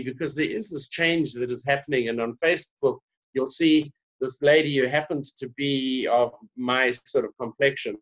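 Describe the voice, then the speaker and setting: Animated South African man, lo-fi sound. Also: mid-range voice. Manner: animated storyteller, laughs often. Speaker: guest. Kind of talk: conversational interview. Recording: dull lo-fi sound.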